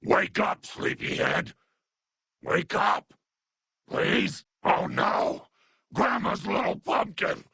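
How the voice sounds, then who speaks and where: A man voicing a kindly, muddled old grandmother super mutant in a game dub, raspy and doting, who calls everyone dearie. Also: high-pitched, animated, slow, pauses often, sharp tone, dry recording, clean studio sound, full character voice. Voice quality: gravelly, raspy.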